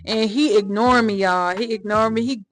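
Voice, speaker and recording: A woman's voice: medium pitch, moderate pace, fairly bright tone. Woman vlogger, casual storytime monologue, slangy and emphatic, talks straight to viewers, faint background music. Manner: chatty, slangy, emphatic, addresses viewers as y'all. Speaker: vlogger telling a personal story.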